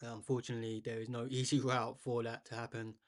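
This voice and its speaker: A man's voice: mid-range voice, little pitch movement, quick pace. A man commentating live on a chess game for a stream, chatting with viewers and thinking aloud as he goes.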